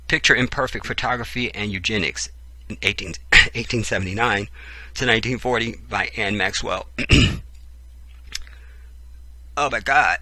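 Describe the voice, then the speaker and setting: A man's voice: fairly low pitch, measured pace, pauses often, pushed and bright, dry recording. A man hosting his channel, reading a book aloud and breaking off into profane, preachy commentary. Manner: profane, preachy asides between read passages. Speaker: channel host.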